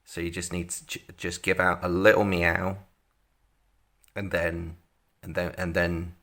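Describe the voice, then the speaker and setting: A man's voice: low-pitched, little pitch movement, a little slow, sharp tone. A man co-hosting a livestream, coaxing and pleading in a mock-exasperated way. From Britain. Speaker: livestream co-host. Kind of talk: casual comic chat.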